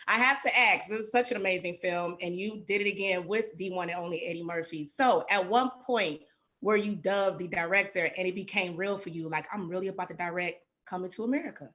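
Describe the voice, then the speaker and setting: An excited, chatty woman hosts a casual entertainment interview over a video call. She asks her questions in a friendly, upbeat way. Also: fairly low pitch, fairly quick. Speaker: interview host.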